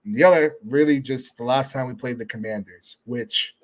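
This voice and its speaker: A man on as a guest who talks football in a casual, measured way, often hedging his points. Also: mid-range voice. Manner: relaxed, measured, hedging with "I mean". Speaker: guest fan analyst. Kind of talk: casual sports talk.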